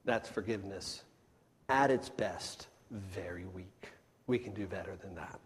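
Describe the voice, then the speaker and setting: A man preaching a sermon in a folksy way, swinging between loud emphatic bursts and hushed near-whispers. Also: low voice, unhurried, breathy edge. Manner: folksy, addresses the crowd as folks. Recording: long hall reverb.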